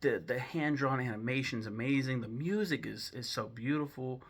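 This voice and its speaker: Speaking at medium pitch and a moderate pace, a young man with a slightly rough voice rambles through a casual film-ranking video. He swears a lot, leans on fillers and keeps restarting his sentences.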